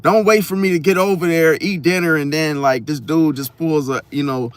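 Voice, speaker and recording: A man telling a story in a casual vlog, slangy and profane, talking straight to his viewers with lively emphasis. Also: on the high side, normal speed, smooth. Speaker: astrology vlogger.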